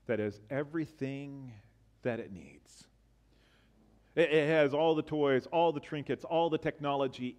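A man preaching a sermon as a church pastor, earnest and repetitive, building to emphatic bursts and then dropping quiet. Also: mid-range voice.

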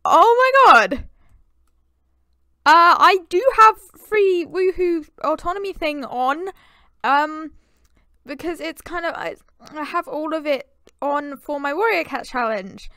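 A woman's voice: high voice, animated, takes it slowly, pushed and bright, dry recording, clean studio sound. A British woman giving chatty, rambling commentary on her life-sim game and talking to the characters. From Britain. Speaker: gameplay commentator.

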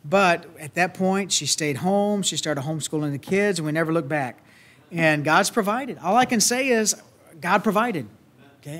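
High-voiced Southern pastor preaching. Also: male voice, fairly bright tone. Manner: folksy, earnest preaching with many fillers and restarts. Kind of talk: sermon.

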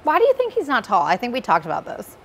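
A woman co-hosting a podcast in casual chat, asking lots of questions and reacting quickly to her partner. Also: on the high side, huge pitch swings, a bit bright, slightly rough. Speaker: podcast co-host.

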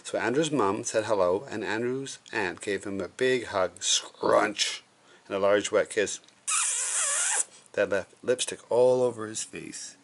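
A father reading a bedtime storybook aloud to his kids, with gentle, chatty asides to them. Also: on the low side, measured pace.

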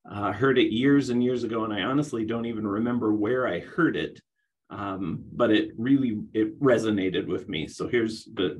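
A middle-aged man giving a conference presentation on rehabilitation, talking in a halting way with many restarts. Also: on the low side, rough recording. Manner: hesitant, many restarts and fillers.

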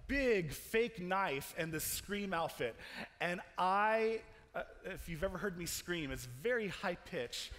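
A young man preaching in a chapel, telling a story with animated energy, laughing and restarting his sentences as he goes. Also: high-pitched. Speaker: chapel speaker. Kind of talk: storytelling sermon. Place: large chapel hall. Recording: long hall reverb.

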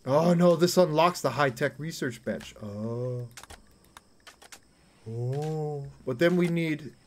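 A man's voice: on the high side, takes it slowly. A young man streaming a game, chatting crudely and jokily with his viewers. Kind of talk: casual live-stream chat while playing.

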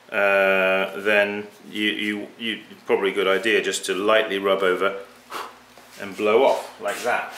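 Bright-toned man demonstrating pottery glazing. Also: lowish voice, a little hiss or hum. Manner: halting, repeats words, talks while working. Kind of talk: casual workshop demonstration.

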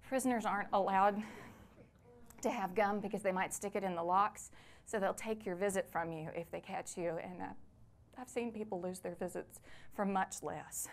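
Actress as a rambling mom in a prison waiting room, friendly, mid-pitched, scolding the kids between sentences. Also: female voice, fairly even intonation, normal speed, a little hiss or hum, close to an everyday voice. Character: chatty weary mother of four, prisoner's wife. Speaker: stage actor in a one-woman play. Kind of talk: theatrical monologue.

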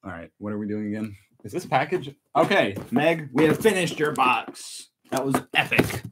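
An American man hosts a casual unboxing vlog, chatting and laughing a lot as he opens parcels. His mid-range voice is animated and moves at a normal speed, with background noise in the recording.

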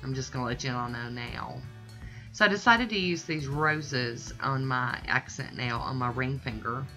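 A woman's voice: a bass voice, normal speed, pushed and bright, faint music behind. A woman chatting casually through a nail art tutorial, gushing and a little self-deprecating.

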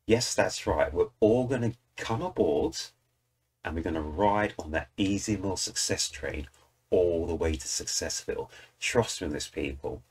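Man, British accent, reaction host, deep voice, husky, enthusiastic chatter. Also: normal speed. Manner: chatty, enthusiastic, talks straight to viewers. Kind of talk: casual reaction commentary.

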